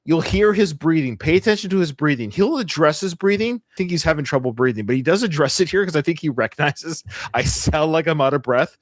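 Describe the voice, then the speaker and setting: A man's voice: fairly high pitch, expressive, a little fast, hardly any pauses, dry recording, clean studio sound. A man hosting a podcast, giving wry, sarcastic running commentary on clips in casual chat. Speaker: podcast host.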